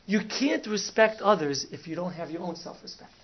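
A man, a rabbi, telling a story in a Torah talk, sprinkling in Yiddish and Hebrew words and swinging from soft to loud. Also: sits high, animated, normal speed. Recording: dull lo-fi recording with faint noise.

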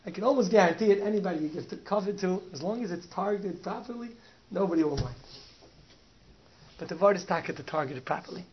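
A man, a rabbi, telling a story in a Torah talk, sprinkling in Yiddish and Hebrew words and swinging from soft to loud. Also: high-pitched, expressive, fast. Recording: dull lo-fi recording with faint noise.

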